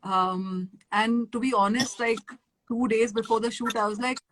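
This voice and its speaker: Animated Indian woman telling a story. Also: a little high, moderate pace, a little hiss or hum, poor audio. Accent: Indian English. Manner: animated storytelling with many fillers and acted-out quotes. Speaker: guest musician. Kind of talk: casual live-stream chat.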